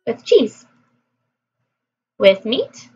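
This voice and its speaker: A woman's voice: on the high side, very animated, drawn-out words, darkish tone. A woman vlogging her language practice in casual chat, repeating phrases aloud to her viewers. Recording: dull lo-fi recording.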